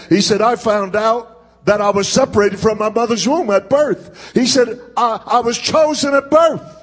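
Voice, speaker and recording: A man preaches to his congregation in a church, his voice high and a little husky. He takes his time, stretching phrases for emphasis and calling for responses. The sound rings out with a long hall reverb. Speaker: pastor. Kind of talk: sermon. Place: church sanctuary.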